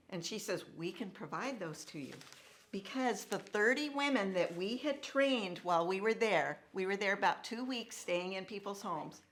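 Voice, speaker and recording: A middle-aged woman telling a personal story to an audience, acting out the dialogue she quotes. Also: medium pitch. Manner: animated, acts out quoted dialogue. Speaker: speaker telling her story.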